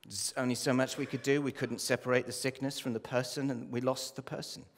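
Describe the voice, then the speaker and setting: A man's voice: level tone, a little fast. Impassioned male pastor in a reverberant hall. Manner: impassioned, rising to loud pleading then dropping low. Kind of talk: sermon. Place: church.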